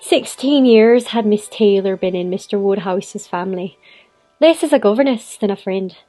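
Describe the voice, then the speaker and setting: A woman's voice: medium pitch, normal speed, warm tone, faint music behind, natural voice. A young woman reading a classic novel aloud in a put-on Irish accent, evenly, like a storybook reading.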